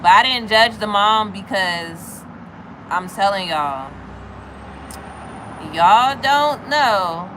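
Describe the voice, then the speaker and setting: A woman in her thirties chatting casually with viewers, telling a story in an animated way. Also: noisy background. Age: 30s. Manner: animated, acts out other people's lines in a high voice.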